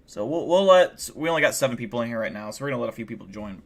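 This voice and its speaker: A man's voice: mid-range voice, expressive, rapid-fire. A man live streaming, telling a story in a casual, rambling way, swearing a lot and filling his talk with "like". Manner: rambling and heavily profane, many fillers like "like".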